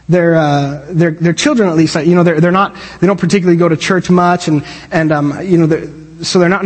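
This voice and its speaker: A man preaches from the church stage in a high, husky voice. He talks in an animated, joking way and often restarts his sentences. The sound rings out with the long reverb of a large hall. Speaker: pastor. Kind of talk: sermon. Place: church sanctuary.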